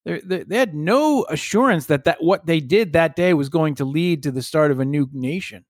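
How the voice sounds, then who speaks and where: A man's voice: on the high side, moderate pace, no echo, clean studio sound. A man in casual conversation as a podcast co-host, musing and rambling with playful banter. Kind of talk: casual chat.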